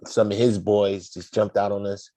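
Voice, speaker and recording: A man's voice: fairly low pitch, moderate pace, no echo. A middle-aged man, telling a story in a casual, slangy way as an interview guest. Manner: slangy, animated, acts out the people in his story.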